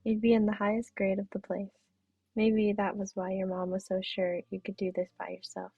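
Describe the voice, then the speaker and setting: Gravelly woman reading game narration. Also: mid-range voice, moderate pace, no room sound. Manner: steady reading with small self-corrections. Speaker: streamer playing a visual novel. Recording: tinny phone-like mic, dry.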